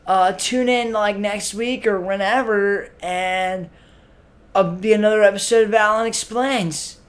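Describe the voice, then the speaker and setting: A man's voice: high voice, steady tone, a little slow. An actor playing a clueless, spaced-out young stoner who hosts a comic web show. He drawls through a filler-heavy monologue and keeps tacking "man" onto his phrases. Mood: laid-back. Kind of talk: comedy sketch monologue.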